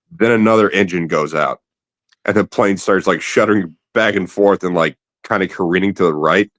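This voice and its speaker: Low-voiced man telling stories. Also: fairly quick, fairly bright tone, no room sound. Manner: rambling storyteller, swears freely. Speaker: podcast host. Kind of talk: casual late-night chat.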